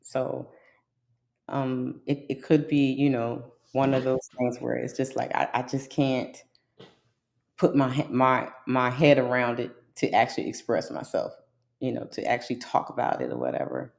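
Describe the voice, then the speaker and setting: A woman's voice: very deep voice, moderate pace, creaky. A woman hosting a live stream, chatting casually and telling stories with frequent laughs and exclamations. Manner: animated storyteller, laughs often, exclaims to the Lord. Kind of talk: casual chat.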